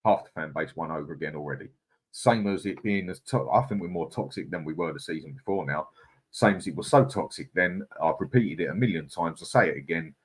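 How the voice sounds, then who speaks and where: A man's voice: extremely low pitch, husky. A man, co-hosting a live stream and reading viewer comments in a blunt, chatty way. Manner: chatty, blunt and opinionated, with frequent "mate" and laughs. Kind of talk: casual live-stream chat.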